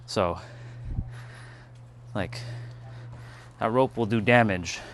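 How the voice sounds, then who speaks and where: A man's voice: fairly low pitch, drawn-out words, fairly bright tone, a little hiss or hum. A man talking loosely in a casual vlog, meandering with many fillers, outdoors on a hot day. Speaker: spiritual vlogger.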